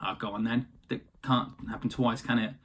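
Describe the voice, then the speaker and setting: A man's voice: medium pitch, fairly even intonation, moderate pace, a bit bright, husky. A man voicing a cheeky, fibbing wooden puppet boy in a casual retelling, talking offhand and sulky.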